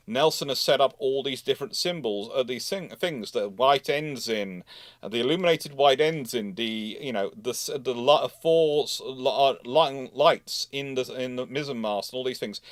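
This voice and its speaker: A man lectures on naval history over a livestream in a loose, conversational way. He stumbles and corrects himself as he goes and answers questions from viewers. His voice sits at an average pitch, dry and close. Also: no echo. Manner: conversational, with fillers and self-corrections.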